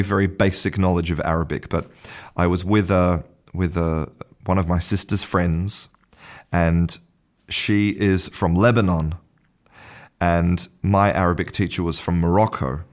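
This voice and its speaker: Low-voiced man explaining pronunciation. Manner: thinking aloud, restarts phrases, chuckles at own ideas. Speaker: pronunciation teacher and podcast host. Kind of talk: casual explanatory monologue.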